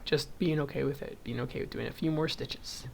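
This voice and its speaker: A man's voice: mid-range voice, brisk, vocal fry, a little mellow, a little hiss or hum. Rambling young man chatting while crocheting. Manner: rambling, goes off on tangents; chuckles often, thinks aloud while counting stitches. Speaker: vlogger. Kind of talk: casual chat while crocheting.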